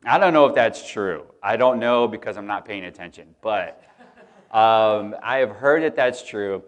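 A man's voice: on the low side, measured pace. A man preaching a casual, joking sermon to his congregation, speaking. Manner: relaxed, joking, chatty with the congregation. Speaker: pastor. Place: church auditorium.

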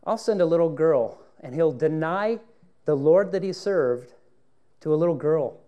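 A man's voice: fairly high pitch, animated, a little slow, lo-fi sound. A man voicing a sly, taunting male devil who mocks and sneers with teasing questions. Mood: mocking.

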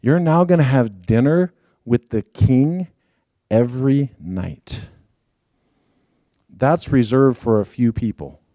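A man's voice: mid-range voice, slow, pauses often, dry recording, studio quality. A middle-aged man preaching a sermon, telling stories and acting out the quotes as he goes. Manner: storytelling, animated, acts out quotes. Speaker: guest preacher.

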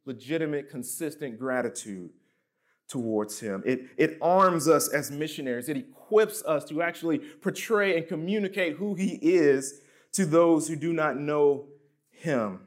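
A man preaching a sermon as pastor, reading scripture and pressing his points with emphatic drops in pitch and volume.

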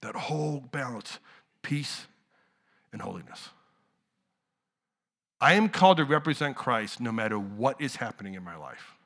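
A middle-aged man preaching a sermon in a casual, talky way, his voice bright and forward. He sinks to near-whispers on key words and then surges loud again. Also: lively intonation, unhurried, long pauses. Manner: conversational preaching, swings from hushed lows to loud outbursts. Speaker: pastor.

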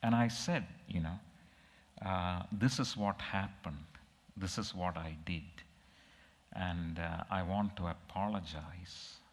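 Middle-aged male preacher, slow and low, reflective and emotional, in a reverberant hall. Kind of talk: sermon with personal story.

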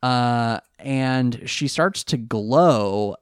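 A man co-hosting a podcast in casual chat, recapping an episode in a rambling, hesitant way and jumping up in pitch on excited questions. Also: very slow, clear, resonant tone, dry recording, studio quality. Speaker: podcast co-host recapping an anime.

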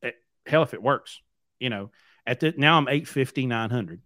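A man's voice: mid-range voice, normal speed, bright, forceful tone, no room sound, studio quality. A man hosting a podcast, telling a long story in a rambling, blunt way, repeating words as he goes. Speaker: podcast host and trucking company owner. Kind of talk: casual storytelling.

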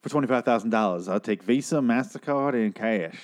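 A man voicing a slick male con-artist psychic who names his price flatly. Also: medium pitch, brisk, natural voice. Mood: scheming.

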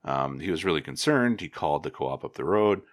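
A man, an agronomist, giving casual advice in a relaxed, rambling way, with many fillers and restarts. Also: extremely low pitch, brisk, dry recording, clean studio sound.

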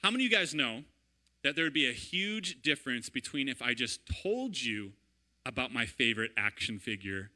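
Bright-voiced animated man preaching. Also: medium pitch, moderate pace. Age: 30s. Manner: animated, conversational, repeats "right?" and "all right?". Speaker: pastor. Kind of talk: sermon.

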